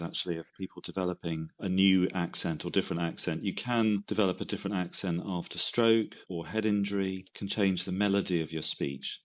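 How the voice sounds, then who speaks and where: A man, a neurologist, giving a measured expert explanation as a guest on a radio program. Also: low-pitched.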